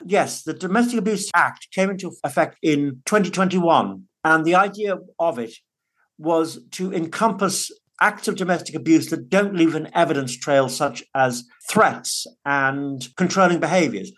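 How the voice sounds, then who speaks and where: A man's voice: on the high side, lively intonation, moderate pace, fairly bright tone. A man speaking as a guest in a conversational interview, earnest and emphatic, often restarting his words. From United Kingdom. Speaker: podcast guest, father.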